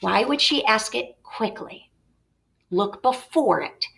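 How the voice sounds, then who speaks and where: A woman's voice: fairly high pitch, animated, takes it slowly, gravelly, fairly bright tone. A woman teacher giving a recorded lesson, explaining step by step and thinking aloud with questions.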